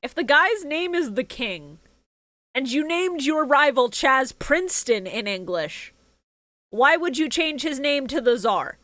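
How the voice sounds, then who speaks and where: A woman's voice: high-pitched, animated, measured pace, pushed and bright, dry recording. Blunt, profane woman with a dry sound. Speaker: podcast co-host. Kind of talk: casual chat.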